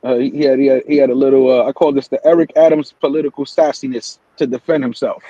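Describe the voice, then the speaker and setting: A man's voice: medium pitch, steady tone, fast, dark tone, dry recording, lo-fi sound. A man hosting a casual live-stream morning show, ranting heatedly and swearing often. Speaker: host.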